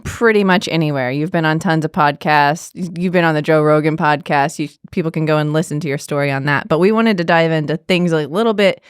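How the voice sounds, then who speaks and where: A woman co-hosting a podcast, telling stories in an animated, chatty way with many fillers. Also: low voice, brisk, few pauses, clean tone, no echo, studio quality. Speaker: podcast co-host. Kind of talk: casual interview chat.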